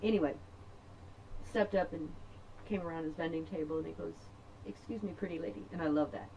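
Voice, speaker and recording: A middle-aged woman telling a personal story in a rambling, chatty way, laughing often and filling pauses. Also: sits low, vocal fry, dark tone, lo-fi sound, slight background noise. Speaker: podcast host.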